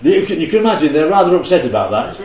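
A man's voice: on the high side, very animated, fast talker, darkish tone. A man leading a group Bible study, teaching interactively and keeping the group involved with frequent check-ins. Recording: roomy, slightly dull recording.

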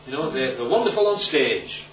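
A man's voice: medium pitch, animated, moderate pace, fairly bright tone, echoey room, slight background noise. Man, preacher, chatty Bible talk, checks in with listeners, distant mic, dull recording. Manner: conversational, checks in with listeners often.

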